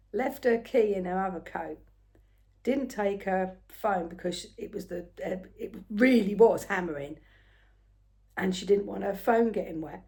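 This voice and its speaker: An older woman, telling a rambling everyday story in a casual, chatty way, often soft and murmured. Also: medium pitch, measured pace. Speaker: craft vlogger.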